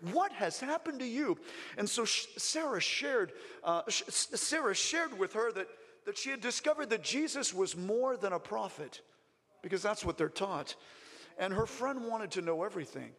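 Guy preaching a mission report, pretty high voice, lots of restarts, big echoey hall. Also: expressive, moderate pace, fairly bright tone. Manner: fervent, with frequent restarts and praise interjections. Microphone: presentation mic in front of an audience. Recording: long reverb in a large hall.

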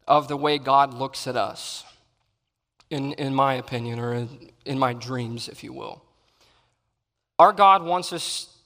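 Male preacher, animated sermon delivery, slightly high voice, church hall echo. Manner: animated, acts out Bible scenes, swings loud to soft. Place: church sanctuary. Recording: long reverb in a large hall.

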